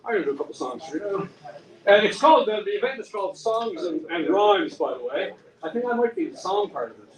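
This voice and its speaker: Pitched high and swinging widely in tone, a Newfoundland-accented singer-songwriter talks a little fast through a meandering, self-mocking pub story with restarts and dry wit. The recording is distant and echoey, with a bit of faint noise.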